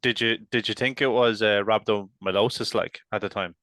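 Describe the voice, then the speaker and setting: An Irish man hosting an interview, asking halting questions from a little away from the microphone. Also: fairly low pitch, steady tone, fairly bright tone. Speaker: interviewer, host.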